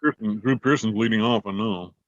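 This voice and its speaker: A man's voice: fairly low pitch, a little fast, highs cut off. A man co-hosting casual sports talk, chiming in with short agreeing remarks and quips.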